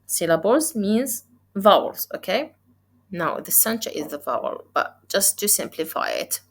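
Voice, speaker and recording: A woman teaching poetry, explaining step by step in a deliberate way and checking in with "okay?". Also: mid-range voice, big pitch swings. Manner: deliberate, counts syllables aloud, frequent "okay?" checks. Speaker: literature teacher. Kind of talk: explaining poem analysis step by step.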